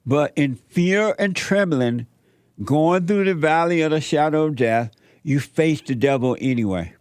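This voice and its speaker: A man's voice: a little high, expressive, unhurried, darkish tone, smooth, dry recording, studio quality. A middle-aged man hosting a call-in show, giving firm spiritual advice in short repeated commands. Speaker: radio call-in host giving life advice.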